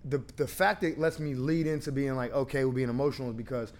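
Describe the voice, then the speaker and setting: Fast-talking, blunt man in candid chat. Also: medium pitch, a little mellow. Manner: blunt, profane, acts out quoted voices with laughter. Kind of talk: candid podcast conversation.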